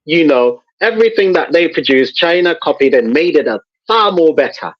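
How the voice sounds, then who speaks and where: A man guest in a casual conversation, talking in a measured, thoughtful way and repeating words as he searches for them. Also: a little high, lively intonation, no room sound, highs cut off. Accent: noted accent, admired by host.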